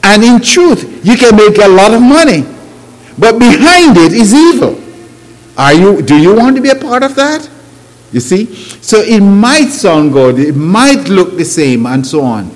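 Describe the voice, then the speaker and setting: A man's voice: sits high, big pitch swings, measured pace. A man preaching a sermon, with grammar, rhetorical questions and emphatic rising phrases. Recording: long hall reverb.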